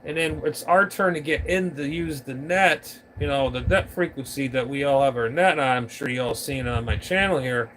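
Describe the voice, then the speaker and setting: A man's voice: medium pitch, normal speed, few pauses, a bit bright, a little hiss or hum. A man vlogging about ham radio, ranting to his camera on a tripod at home in a rambling way, stumbling over his words. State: allergies acting up. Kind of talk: casual rant to camera.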